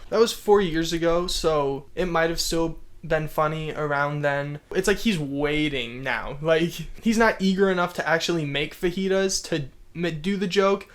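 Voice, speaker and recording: A man's voice: on the high side, moderate pace, few pauses. A man giving casual comedic commentary on viewer comments, amused and sarcastic, chuckling often. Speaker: YouTube commentator.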